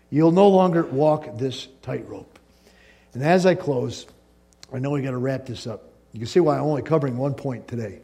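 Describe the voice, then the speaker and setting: Animated preaching man, fairly high voice. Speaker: pastor. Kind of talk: sermon.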